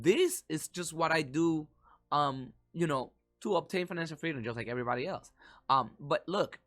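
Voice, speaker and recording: Man, casual chart talk, animated, lively intonation, bright tone, somewhat high voice. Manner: animated, puts on panicked voices of others. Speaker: market commentary vlogger.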